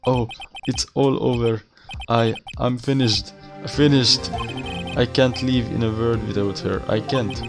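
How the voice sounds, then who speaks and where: A man's voice: medium pitch, steady tone, measured pace, vocal fry, over music. A man voicing a distraught young male defendant, wailing and overwrought. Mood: despairing.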